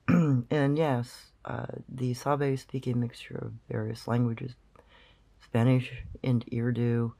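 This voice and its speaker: A man's voice: mid-range voice, vocal fry, dark tone. A man explaining a recording in casual commentary, rambling and thinking aloud with many fillers. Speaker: channel host.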